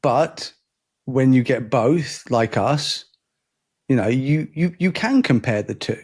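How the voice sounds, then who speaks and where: A man in casual podcast conversation, speaking at a middle pitch. He rambles, restarts his sentences and laughs often. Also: lively intonation, slow pace, darkish tone, slightly rough. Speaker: podcast co-host. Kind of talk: casual chat.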